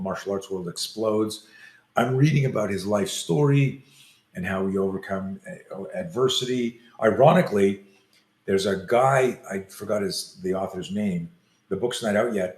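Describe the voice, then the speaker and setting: A man and self-defense coach telling a story in an interview, animated, acting out the scenes as he goes. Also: fairly low pitch, roomy sound.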